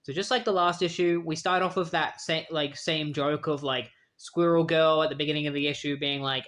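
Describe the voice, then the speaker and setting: A man's voice: fairly high pitch, fairly even intonation, a little fast, hardly any pauses, a bit bright. A man casually retelling a comic book story in a loose, chatty way, often saying "like".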